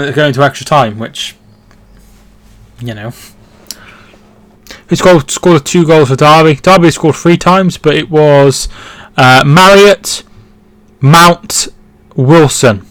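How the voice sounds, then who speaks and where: A man hosts a casual live football watchalong, answering viewers and calling the action as it happens. His voice sits a little high, and the sound is dry and close with no room around it. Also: unhurried, pauses often, fairly bright tone, dry recording. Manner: chatty, reads out viewer comments and reacts to play. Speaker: football stream host.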